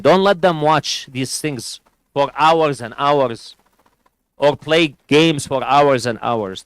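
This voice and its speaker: In a community centre hall, a man with a fairly high voice gives a sermon, earnestly advising parents and families and mixing in Arabic religious phrases. The recording is dry and rough.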